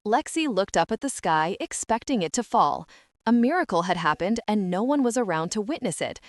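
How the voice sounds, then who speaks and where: A woman narrating a novel as an audiobook reader, in even, expressive storytelling. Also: mid-range voice, moderate pace, dry recording, clean studio sound. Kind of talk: scripted narration.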